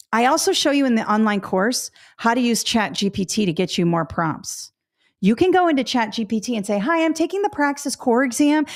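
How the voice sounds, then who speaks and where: A woman from the Northeastern US teaching a live test prep webinar, talking bluntly and directly with chatty asides to her viewers. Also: medium pitch.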